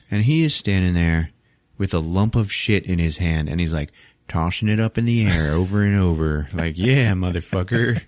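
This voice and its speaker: With lively intonation and a low, slightly mellow voice, a man on a podcast runs through a movie's plot, performing scenes as he goes. Crude jokes and his own laughter fill the casual recap, which sounds close and dry at a moderate pace with no echo.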